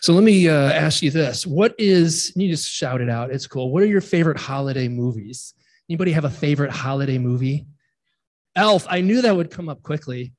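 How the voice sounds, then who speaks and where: A man in his forties, a pastor giving a relaxed, chatty sermon and joking with his congregation. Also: fairly high pitch, a little fast. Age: 40s. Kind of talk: informal sermon with congregation banter.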